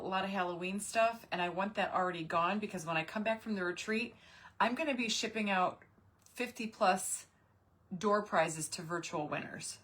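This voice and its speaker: A woman's voice: fairly low pitch, fairly bright tone, a little hiss or hum. A woman, hosting a casual craft livestream and chatting with viewers, greeting them by name. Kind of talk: casual live craft stream chat.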